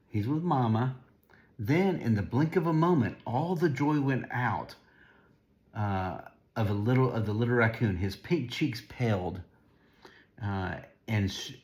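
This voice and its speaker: A man's voice: mid-range voice, a little mellow. A man reading a picture book aloud to a child, stopping casually to point at the pictures and explain. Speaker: storybook reader.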